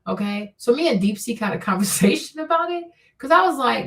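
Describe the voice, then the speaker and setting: A woman's voice: fairly high pitch, animated, fairly quick, fairly bright tone, recorded from a distance. A woman hosting a casual vlog, giving blunt opinions emphatically and with lots of swearing. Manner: emphatic and profane, repeats "okay?" and "right?". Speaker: vlog host.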